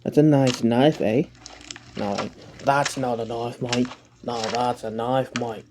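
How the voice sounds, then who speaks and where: A man's voice: mid-range voice, moderate pace, noisy background, lightly acted. A man putting on a playful mock Australian accent, voicing a joking bloke.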